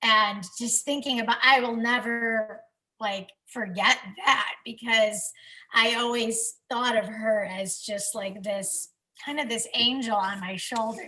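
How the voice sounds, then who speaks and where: A woman speaks on a video call in an earnest, rambling way. Her voice sits a little high and sounds bright and forceful. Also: steady tone, unhurried, poor audio. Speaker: guest on a business video call. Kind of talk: heartfelt casual chat.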